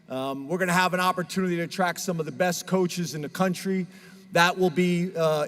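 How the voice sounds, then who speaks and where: A man with a high, bright-edged speaking voice gives an earnest, emotional press conference address, stumbling into restarts and fillers now and then. His voice rings out with a long reverb tail, as if in a large hall. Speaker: head football coach.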